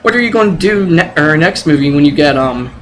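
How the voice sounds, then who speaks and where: A young man talks through a film review in a casual, off-the-cuff way. His voice sits a little high for a man, and he wanders off on tangents with sarcastic, blunt asides. A faint hum of room noise sits behind him. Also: lively intonation, fairly quick. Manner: sarcastic, rambling, blunt with swearing. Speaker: movie reviewer.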